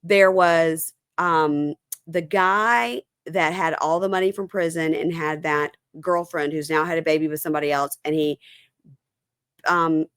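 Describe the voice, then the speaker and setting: Low-voiced woman recapping a show. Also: steady tone, fairly bright tone, smooth, no room sound, studio quality. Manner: retells scenes, acting out the people's lines in quick voices. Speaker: podcast host. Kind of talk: casual chat recapping a reality show.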